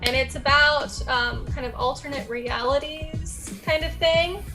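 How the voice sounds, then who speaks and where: A woman's voice: high voice, unhurried, music in the background. A woman on a panel, chatting casually and a bit hurriedly about her picks, with a laugh in her talk. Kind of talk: casual chat.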